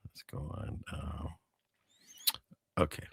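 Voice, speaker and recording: A man's voice: takes it slowly, a bit bright, no echo, in a whisper. A man hosting a show in casual livestream chat, rambling and chuckling as he talks to his wife off-mic. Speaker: host.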